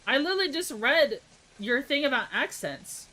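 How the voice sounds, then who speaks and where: A woman's voice: high voice, very animated, normal speed, pushed and bright, low-quality recording. A woman with an American accent chatting casually on a live stream, reading chat aloud. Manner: chatty, reads chat aloud, laughs at own jokes; tries mock German accent voices.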